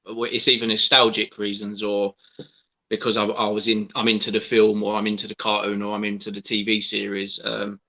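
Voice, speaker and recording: A man's voice: fairly low pitch, completely flat delivery, normal speed, sharp tone, lo-fi sound. A man chatting as a guest, reading out comments and joining in. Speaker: guest collector. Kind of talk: casual chat.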